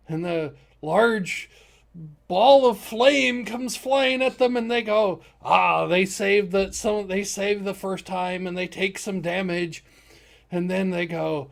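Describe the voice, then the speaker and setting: A man's voice: high-pitched, a little slow, gravelly. Game master guy telling an old campaign story, casual, keeps restarting his sentences. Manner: rambling with frequent restarts.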